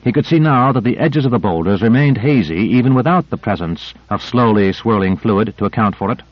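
Steady male audiobook narrator, dry sound. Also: on the low side, fairly quick, no room sound. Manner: steady, vivid storytelling. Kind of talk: scripted narration. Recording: dry, slightly dull lo-fi.

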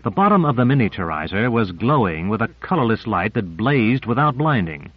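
A man reading a novel aloud in even, descriptive scripted narration. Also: lowish voice, brisk, husky. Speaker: audiobook narrator. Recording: muffled lo-fi recording.

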